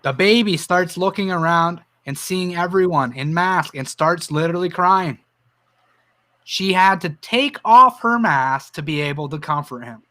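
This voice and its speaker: A Canadian man hosts a livestream, earnestly and emotionally telling personal stories and reading viewer comments aloud. His high voice has a sharp tone, and he speaks a little slowly.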